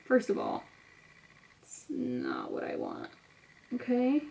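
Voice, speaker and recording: A woman's voice: a little high, wildly swooping pitch, takes it slowly, gravelly, dark tone, poor audio. A young woman vlogger chatting casually as she talks viewers through her makeup step by step. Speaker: beauty vlogger. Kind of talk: casual makeup tutorial talk.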